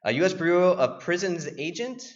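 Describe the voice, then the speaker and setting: A man's voice: sits high, fairly quick. Young man telling stories at a talk. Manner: animated, joking, acts out voices. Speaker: penetration tester giving a conference talk. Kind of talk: casual, storytelling conference talk. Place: conference room. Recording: dull lo-fi conference recording.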